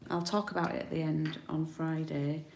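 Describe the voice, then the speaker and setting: Card-making demonstrator from the UK: a low, gravelly woman who chats and thinks aloud in a roomy room. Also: level tone, normal speed, background noise. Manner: chatty, thinks aloud while working. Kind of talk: live craft tutorial. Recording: roomy home recording.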